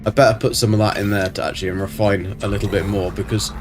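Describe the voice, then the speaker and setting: A man's voice: fairly low pitch, flat delivery, quick pace, over music. A middle-aged man on a casual live game stream, answering chat and muttering to himself as he plays.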